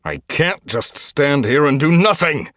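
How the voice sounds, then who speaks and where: A man's voice: deep voice, animated, normal speed, no echo. A man voicing a hot-tempered, bossy old tomcat leader who growls threats. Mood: frustrated.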